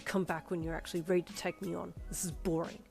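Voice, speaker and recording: A woman's voice: fairly low pitch, level tone, fast talker, vocal fry, darkish tone, faint music behind. A woman voicing a brash, aggressive teenage boy fighter who growls and barks commands. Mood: gruff.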